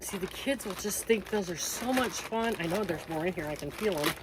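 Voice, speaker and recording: A woman's voice: lowish voice, a little fast, noisy background. A Canadian-born woman hosting a crochet vlog, chatting in a gushing, upbeat way as she opens packages. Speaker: crochet channel host. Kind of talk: casual vlog chat.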